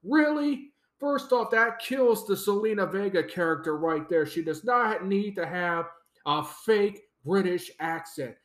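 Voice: mid-range voice, animated, a little slow. A podcast host delivering a solo rant, exasperated and sarcastic, who repeats phrases for emphasis. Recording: roomy echo.

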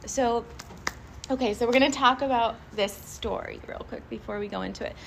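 Woman motivational speaker, higher-pitched, chatty and animated, quick to laugh and to poll the room. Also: creaky, slight background noise. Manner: animated and chatty, often breaks into laughter, asks the audience questions. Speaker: motivational speaker addressing a group. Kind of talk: live motivational talk.

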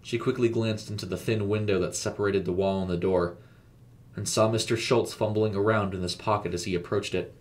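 A man narrating a scripted horror story in a measured, suspenseful way. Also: on the low side, steady tone.

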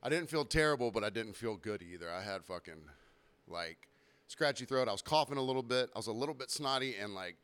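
A young man hosting a podcast, telling a rambling, profane, self-mocking story while getting over a sore throat and clearing it now and then. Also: fairly low pitch, fairly bright tone. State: recovering from illness, throat clearing. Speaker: podcast host. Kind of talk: casual storytelling monologue.

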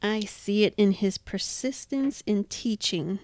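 With a darkish, mid-range voice and a measured pace, a woman podcast co-host walks through Bible symbols in plain, homely language. The talk is a casual Bible study chat, recorded with no echo.

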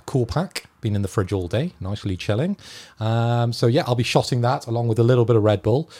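A man's voice: fairly low pitch, mellow. A man co-hosting a gaming podcast, bantering playfully in a mock-formal way. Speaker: podcast co-host. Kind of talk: casual chat.

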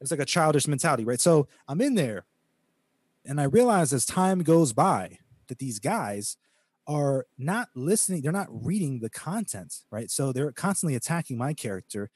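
A man's voice: fairly high pitch, very animated, normal speed, darkish tone, breathy edge, dry recording. A man from the United States co-hosting a podcast, talking emphatically in a preachy way and quoting scripture. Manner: emphatic, preachy, quotes scripture, mocks critics in quoted voices. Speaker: podcast co-host. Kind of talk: casual podcast talk, preaching tone.

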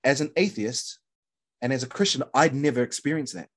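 A man from New Zealand with a New Zealand accent, a podcast guest telling a long story in a casual, animated way, full of fillers, restarts and "bro". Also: mid-range voice, fairly quick.

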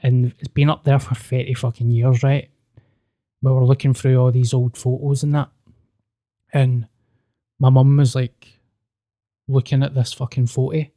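A young man and podcast host telling a personal story in a casual, sweary, animated way, often restarting his sentences. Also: mid-range voice, a little slow, long pauses.

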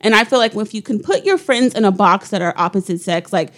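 A podcast co-host chats casually, thinking things through reflectively and filling her speech with "like" and "you know." Her mid-range voice is expressive, a bit bright, and a little fast.

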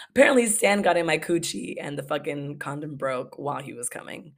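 Brief: young woman podcast host, deep fry-heavy voice, blunt and profane story-time delivery. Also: lively intonation, moderate pace. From Los Angeles, USA. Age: young adult. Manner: profane, candid, laughing storyteller. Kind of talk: casual story-time monologue.

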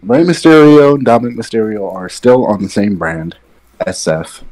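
A man's voice: on the low side, normal speed, a little mellow. A man co-hosting a casual wrestling chat podcast, rambling and opinionated, speaking from a distance away from his microphone. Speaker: podcast co-host. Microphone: far from his mic.

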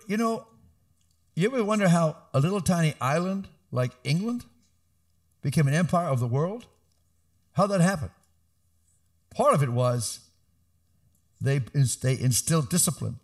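Middle-aged male pastor, animated sermon delivery, slightly high voice with lively swings. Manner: animated preaching, rising to emphatic calls.

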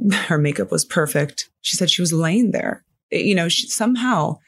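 A middle-aged woman talking as a podcast guest, in a halting way full of "you know" fillers. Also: on the low side, expressive, slightly rough. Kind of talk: conversational interview.

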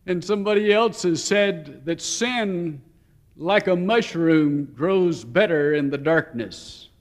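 A man with a high voice delivers a sermon in a story-telling way. He lingers slowly on weighty phrases, then hurries through his asides. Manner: story-telling, shifts between slow emphasis and quick asides. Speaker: preacher.

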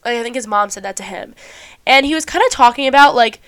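A young woman hosts a podcast, chatting casually about self-help in a slightly high, bright, clean voice that sounds a bit stuffy. She talks fast and expressively, swears freely, and says "like" a lot.

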